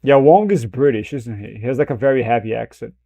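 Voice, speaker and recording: A man chatting through a reaction stream, his mellow voice rambling, swearing and chuckling at his own slips. The sound is dry and close, with no room around it. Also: mid-range voice, quick pace, creaky, no echo. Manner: swears freely, rambling, laughs at himself. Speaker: streamer reacting to a film clip. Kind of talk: casual reaction commentary.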